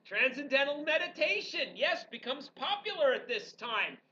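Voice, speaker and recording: A woman history teacher giving an animated, joking classroom lecture full of rhetorical questions to her students. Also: sits high, normal speed. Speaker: high school history teacher. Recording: dull, distant classroom recording with faint background noise.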